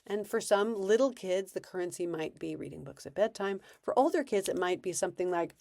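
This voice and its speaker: A woman's voice: mid-range voice, expressive, a little fast, vocal fry, a little mellow, no room sound, clean studio sound. A woman parenting coach giving casual advice in a conversational way, acting out bits of parent and child dialogue.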